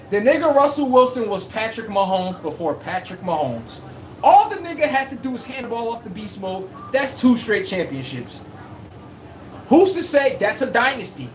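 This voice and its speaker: Brash high-voiced man streaming sports talk. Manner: brash, trash-talking, swearing, playful. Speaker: live stream host reading chat. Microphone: phone. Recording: echoey room with faint hum.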